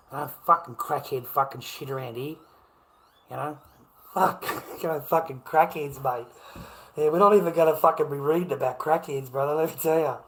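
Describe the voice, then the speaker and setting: A man's voice: medium pitch, a bit bright, rough recording. An Australian man hosting a livestream, talking in a brash, profane and confrontational way as he reacts to chat comments at home. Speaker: livestream host.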